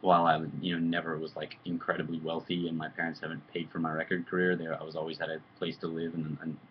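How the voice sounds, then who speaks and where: A man with a low, deep voice talks loosely through fan questions on a live video chat, joking and rambling as he goes. His webcam audio is dull and lo-fi, with a faint hiss underneath. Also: level tone, fast talker. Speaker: musician answering fan questions. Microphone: computer webcam mic.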